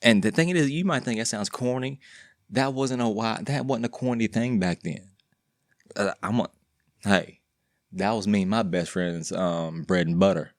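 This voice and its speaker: A man's voice: on the low side, normal speed, dry recording, studio quality. A man hosting his own podcast, talking alone in a rambling, slangy, joking way with lots of restarts. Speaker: podcast host. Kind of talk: casual solo podcast monologue.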